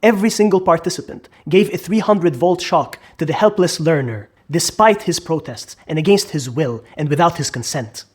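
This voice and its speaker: A man's voice: fairly high pitch, moderate pace, few pauses, husky. A man narrating a psychology lesson in a dramatic way, asking the listener questions. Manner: dramatic, asks the listener questions, acts out quotes. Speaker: psychology lecturer. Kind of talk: explainer video narration.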